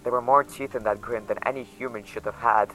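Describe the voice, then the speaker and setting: A man narrating in the first person as a frightened young survivor, quiet and tense. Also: mid-range voice, steady tone, a little fast, soft background music, natural voice, low-quality recording. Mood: shaken. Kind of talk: audio drama narration.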